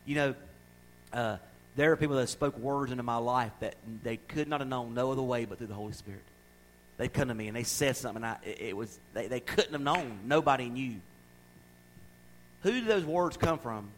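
A middle-aged man preaching a sermon, emphatic and loud at times, then dropping into quiet asides. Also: medium pitch, fairly quick, a little hiss or hum, poor audio. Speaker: pastor.

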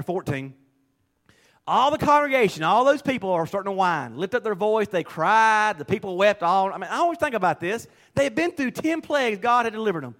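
A male preacher with a notably high-pitched voice delivers a sermon. He tells stories in a folksy, emphatic way and leans hard on his points. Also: fairly bright tone.

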